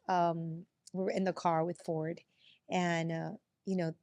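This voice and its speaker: A woman's voice: lowish voice, level tone, a little slow, dry recording. Woman podcast host, gushing and encouraging, dry close sound. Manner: warm, effusive, thanking and encouraging. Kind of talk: casual chat.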